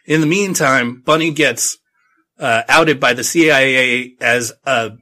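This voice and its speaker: A man's voice: mid-range voice, a little slow, bright, forceful tone. A man hosting a casual book recap, rambling and irreverent, swearing freely as he goes.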